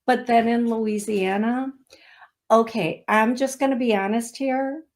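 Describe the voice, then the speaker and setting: Brief: woman radio host, higher-pitched voice, unhurried, chatty and giggly. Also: steady tone. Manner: chatty, laughing storyteller. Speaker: psychic medium radio host. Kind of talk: casual chat. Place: radio studio.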